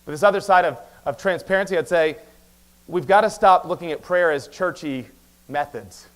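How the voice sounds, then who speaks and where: A man preaching a sermon as pastor, talking very fast and telling stories with quick asides. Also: fairly high pitch. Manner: animated storytelling with quick asides; talks very fast. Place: church sanctuary.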